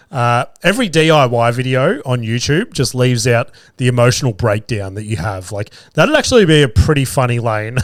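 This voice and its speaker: A man's voice: medium pitch, smooth, no echo, clean studio sound. A young Australian man hosting a podcast, telling casual stories in a profane, self-mocking way and acting out the other people in them. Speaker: podcast host. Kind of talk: casual storytelling chat.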